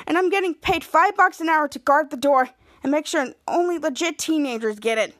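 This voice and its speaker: A woman's voice: high-pitched, fairly quick, fairly bright tone, no echo, clean studio sound. A woman voicing a goofy teenage boy in an offhand, silly way.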